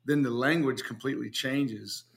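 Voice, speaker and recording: A man's voice: medium pitch, fairly even intonation, normal speed, vocal fry. A man hosting a podcast, chatting in a rambling, easygoing way. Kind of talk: casual podcast chat.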